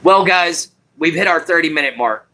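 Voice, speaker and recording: A Texan man with a country twang hosts a loose, rambling live-stream chat. His voice sits a little high for a man and is bright and forceful. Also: expressive, normal speed. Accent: Southeast Texas country twang.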